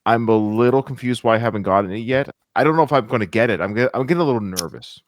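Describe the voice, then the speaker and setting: A man hosting a podcast talks in a chatty, rambling way and often pauses on "uh". His voice sits at a middle pitch for a man. The recording is close and dry, with no room sound. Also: dry recording. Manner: chatty, rambling, frequent filler "uh". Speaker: podcast host. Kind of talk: casual podcast chat.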